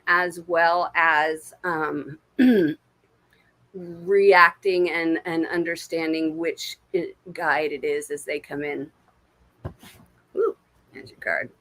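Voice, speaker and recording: A woman giving casual livestream intuitive readings from her couch, chatty and swearing freely. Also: fairly low pitch. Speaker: intuitive reader. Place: home, on a couch.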